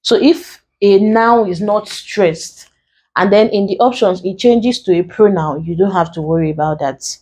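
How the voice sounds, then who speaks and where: An exam tutor gives a prep lesson, taking the steps one by one and going back over the key points. Her voice is medium in pitch and somewhat dark, and she keeps a moderate pace.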